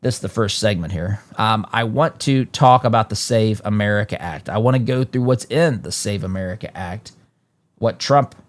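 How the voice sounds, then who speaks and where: Emphatic male talk-show host, dry sound. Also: dry recording. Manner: emphatic, reads news reports aloud with quick asides; frequent restarts and pitch jumps for emphasis. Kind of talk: political commentary monologue.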